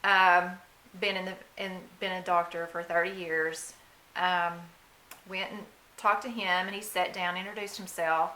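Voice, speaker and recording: Bright-voiced mother telling a hard story. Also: lowish voice, flat delivery, echoey room, a little hiss or hum, rough recording. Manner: emotional, halting, many fillers and restarts. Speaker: mother telling her son's cancer story. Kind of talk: personal storytelling vlog.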